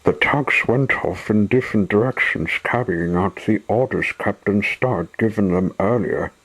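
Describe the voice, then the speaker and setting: A man reading a children's storybook aloud in an unhurried, expressive way. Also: on the low side, slightly rough, low-quality recording.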